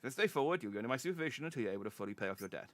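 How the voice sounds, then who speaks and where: A man voicing a cold, greedy male debt collector, talking lower and quieter than his own voice in a stern, clipped, lecturing way. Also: animated, rapid-fire, no room sound, close to an everyday voice.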